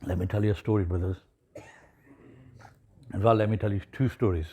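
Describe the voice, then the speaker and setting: A man's voice: lowish voice, fairly even intonation, fairly quick, mellow, breathy edge. Man preaching an evening sermon. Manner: storytelling, rising to emphatic preaching.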